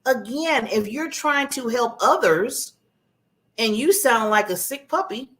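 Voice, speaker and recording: Animated woman host giving a pep talk. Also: a little high, measured pace. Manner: animated, acts out contrasting voices; conversational, laughs at herself. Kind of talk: motivational talk.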